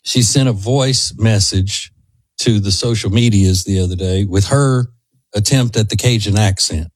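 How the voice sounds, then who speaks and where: A man's voice: fairly low pitch, unhurried, dry recording. A man co-hosting a talk show, chatting in a rambling, laid-back way. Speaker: radio show co-host. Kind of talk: casual chat.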